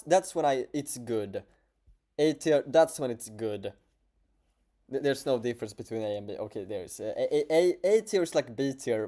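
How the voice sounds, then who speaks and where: A man's voice: medium pitch, dark tone. Stammering Swedish-accented man streaming live. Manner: halting, stammering, many restarts. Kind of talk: casual livestream chat.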